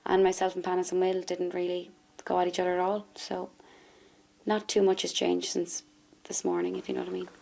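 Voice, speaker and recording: A woman's voice: fairly low pitch, monotone, a little fast, vocal fry, warm tone, slight background noise, rough recording. A young woman on a reality show, thinking aloud in casual chat.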